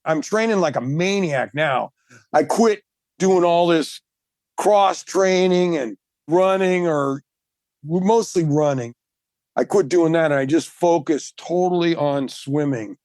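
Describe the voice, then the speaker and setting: A man, a marathon swimmer and guest, telling his story in casual chat, animated and emphatic, laughing often. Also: a little high, takes it slowly, dry recording.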